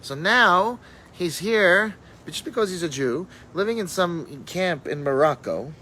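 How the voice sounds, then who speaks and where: A man's voice: high-pitched, animated, a little slow, bright, forceful tone, slight background noise, low-quality recording. A man, a rabbi, teaching a casual Torah class and telling stories sprinkled with Hebrew and Yiddish terms, thinking aloud as he goes. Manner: thinks aloud with fillers and restarts.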